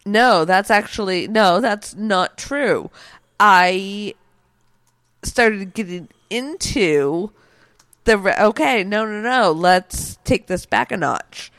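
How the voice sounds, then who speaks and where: A middle-aged woman co-hosting a podcast, talking in an animated and emphatic way. Her pitch swings widely while her pace stays unhurried, and the recording is dry and close. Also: dry recording. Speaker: podcast co-host. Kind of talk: casual chat.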